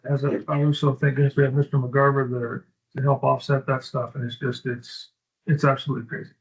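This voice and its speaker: A man's voice: mid-range voice, little pitch movement, a little fast, muffled recording. A man giving a county supervisor's report at a board meeting, blunt and exasperated in his complaints.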